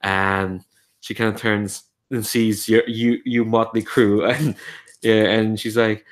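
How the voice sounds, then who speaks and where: A man in a lower register serves as game master for a tabletop game. He speaks slowly and descriptively, often pausing and restarting as he builds the scene. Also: level tone. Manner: descriptive, halting, with many fillers and restarts.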